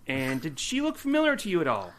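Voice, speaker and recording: Animated man teasing his co-host. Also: a little high, quick pace, a little hiss or hum. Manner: teasing, mock-stern, animated. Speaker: podcast co-host. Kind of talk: casual chat.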